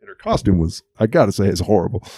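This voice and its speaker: A man's voice: lowish voice, very animated, quick pace, warm tone, slightly rough, dry recording. A man co-hosting an audio podcast, chatting and laughing as he recaps a cartoon episode. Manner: chatty, amused, laughs often while recapping. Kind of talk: casual chat.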